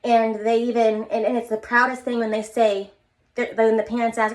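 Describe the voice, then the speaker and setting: Woman, young adult, slightly high-pitched, earnest, rambling, casual motivational vlog. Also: little pitch movement, moderate pace. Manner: earnest, rambling, repeats herself. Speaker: vlogger.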